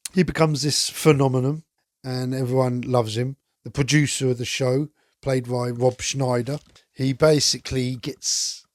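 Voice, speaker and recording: A man's voice: medium pitch, dry recording, studio quality. A man hosting a podcast, chatting enthusiastically through a casual film review and swearing now and then. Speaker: podcast host.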